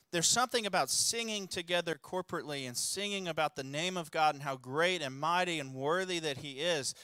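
Bright-voiced man preaching a sermon. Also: sits high, dry recording. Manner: conversational storytelling with many restarts; builds to urgent exhortation. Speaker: pastor.

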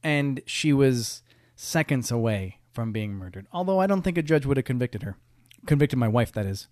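A young man holding forth on his podcast, wry and swearing freely as he rambles through stories with plenty of restarts. His voice sits at an ordinary middle pitch. The sound is close and dry, with no room around it. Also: expressive, moderate pace, a little mellow, dry recording. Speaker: podcast host. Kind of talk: casual storytelling monologue.

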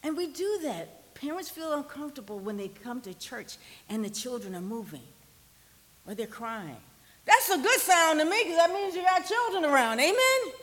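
A high, bright-voiced woman, preaching from the pulpit in an easy conversational way. She sometimes drops her voice almost to a whisper to drive a point home, and her words ring out with a long reverb through the church sanctuary. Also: big pitch swings, moderate pace. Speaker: pastor. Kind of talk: sermon.

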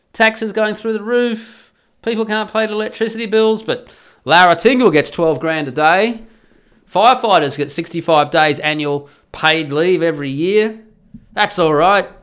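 A man's voice: high-pitched, fairly bright tone, smooth. A man, hosting a podcast and angrily ranting with a lot of swearing and scorn. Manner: angry, profane, ranting, scornful. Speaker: podcast host. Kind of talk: solo podcast rant.

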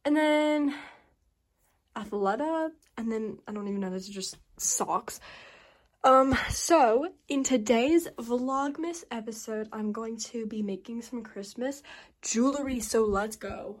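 Speaking slowly in a higher voice, a woman vlogger makes bracelets and chats informally with viewers. She rambles, leaning on fillers and poking fun at herself along the way.

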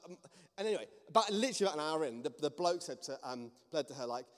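An Englishman preaching from the front of a large hall, his voice pitched a little high and trailing a long reverb. He is a priest who tells stories earnestly and with animation, and he moves between relaxed anecdote and heartfelt sermon. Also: racing. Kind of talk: sermon with storytelling.

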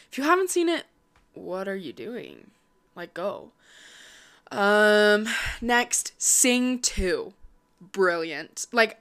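A young woman vlogger chatting casually to her viewers, quick and upbeat, with lots of fillers. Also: medium pitch, pushed and bright, smooth. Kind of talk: casual chat.

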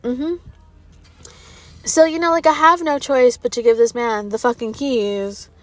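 A woman's voice: on the high side, fairly even intonation, a little slow, no room sound. A woman in her thirties telling a candid, profane, rambling story to her viewers in casual vlog style. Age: 30s. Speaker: social media creator.

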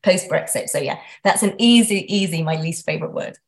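A woman's voice: lowish voice, brisk, gravelly. A woman guest in a casual interview, chatty and self-deprecating, often restarting her sentences.

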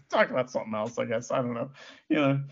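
A man's voice: mid-range voice, lively intonation, fast, dull audio. A man co-hosting a casual film review podcast, sarcastic and swearing, with frequent laughs. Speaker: podcast co-host. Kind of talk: casual movie review chat.

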